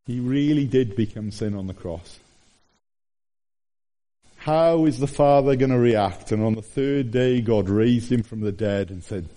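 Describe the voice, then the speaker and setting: A man's voice: medium pitch, moderate pace, mellow. A man in his forties preaching a sermon, telling stories animatedly with fillers and restarts.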